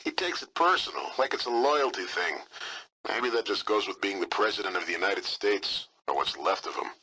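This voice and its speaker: An actor playing a foul-mouthed male military radio operator in a video game, with a husky, blustering, sarcastic manner. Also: fairly low pitch, animated, normal speed, sharp tone, exaggerated voice, rough recording. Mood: griping. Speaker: communications officer.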